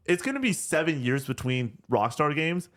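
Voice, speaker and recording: A man co-hosting a casual gaming podcast, animated and excitable, swearing and stumbling over his words. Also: a little high, normal speed. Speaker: podcast co-host.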